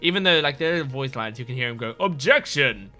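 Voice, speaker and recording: Chatty young man with a bright voice. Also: medium pitch, fast, smooth. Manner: chatty, rambling, many "like"s. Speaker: let's play host. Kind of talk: casual game commentary and reading dialogue aloud. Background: faint game music.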